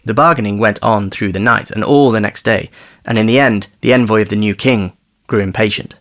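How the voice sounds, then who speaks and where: A man narrating an audiobook thriller in a measured, wry storytelling manner. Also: fairly low pitch, a bit bright. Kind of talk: scripted narration.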